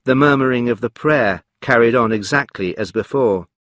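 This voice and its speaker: Calm, measured male narrator. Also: medium pitch, no room sound, studio quality. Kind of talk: scripted story narration for learners.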